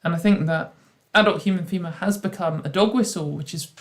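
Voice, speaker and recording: A woman's voice: lowish voice, a little fast. A woman hosting a casual livestream chat over a video call, rambling with many restarts and slipping into ironic quoted voices. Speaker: host.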